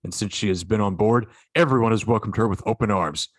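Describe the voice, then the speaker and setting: A man reading the lines of a proud alien woman who is a mother, with a low voice in a dry recording. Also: fast, no room sound, natural voice. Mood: reproachful.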